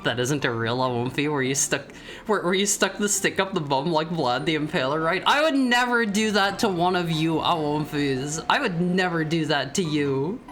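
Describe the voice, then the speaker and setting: A man streaming as a VTuber chats casually with viewers in a slightly high, somewhat bright voice with lively intonation at a moderate pace. He is playful and teases his chat. He often stumbles, stammering and restarting his words.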